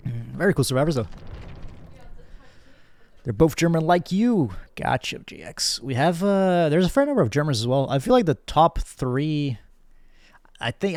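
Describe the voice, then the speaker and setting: A man's voice: medium pitch, darkish tone. A young man from Brazil streaming a game, chatting casually with viewers, thanking them by name and rambling with fillers and laughs.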